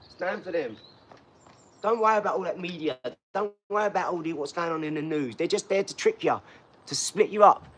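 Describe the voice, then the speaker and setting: Hyped up guy on a livestream, bit high voice, loud streetwise banter. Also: a little fast, breathy edge. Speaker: livestream host. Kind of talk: casual live-stream chat.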